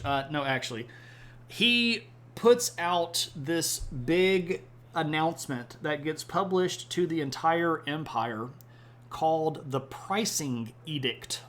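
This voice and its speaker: A man's voice: on the high side, a bit bright. A man from the Southern United States giving a casual, rambling live-streamed history lecture, breaking off to chat with his audience. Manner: rambling, chatty, responds to chat with asides.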